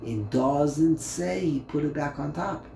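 A man's voice: fairly high pitch, slow pace, gravelly, mellow, echoey room, slight background noise. A man, a rabbi, teaching a Torah class in a conversational way, asking his listeners rhetorical questions and often repeating words.

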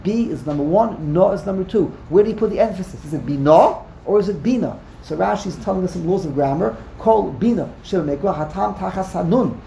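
A man's voice: high-pitched, fast, gravelly, few pauses, dark tone, roomy sound, a little hiss or hum. A man teaching a text-study class, explaining emphatically, often repeating words and restarting sentences. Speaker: Torah teacher.

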